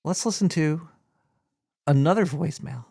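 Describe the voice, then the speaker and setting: A man's voice: on the high side, moderate pace, vocal fry, mellow, husky, no room sound, studio quality. A man hosting a call-in radio show, giggly and scattered, joking and flirting with callers. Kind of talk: casual call-in radio banter.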